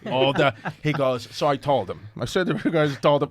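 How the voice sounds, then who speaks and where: A man's voice: mid-range voice, fairly quick, few pauses, dry recording. A man, telling a long profane story on a podcast and acting out what people said. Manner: profane rambling anecdote with acted-out quotes. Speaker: guest comedian. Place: podcast studio.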